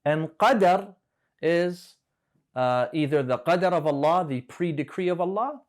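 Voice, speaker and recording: A man teaching an Arabic lesson in a relaxed way, explaining step by step, quizzing the listener and correcting himself. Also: a little high, moderate pace.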